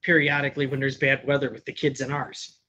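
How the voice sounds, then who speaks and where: A man's voice: mid-range voice, level tone, fast, highs cut off, over a noisy crowd. A man co-hosting a live movie watch-along, chatting casually and sharing trivia and jokes. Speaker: co-host. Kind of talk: casual chat.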